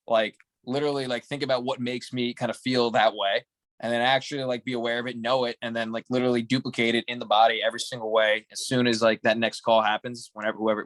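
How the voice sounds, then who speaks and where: Male sales trainee, rapid rambling answers, dry close sound. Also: mid-range voice, fairly bright tone, dry recording. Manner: rambling, many fillers and restarts. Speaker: coaching client, salesperson. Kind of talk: coaching session.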